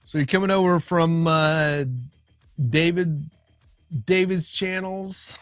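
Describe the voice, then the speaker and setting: Male livestream host, unhurried, rambling casual chat, dry close sound. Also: fairly high pitch, steady tone, a bit bright, clear, resonant tone, dry recording, soft background music. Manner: rambling, with frequent restarts and chatting to viewers. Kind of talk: casual live-stream chat.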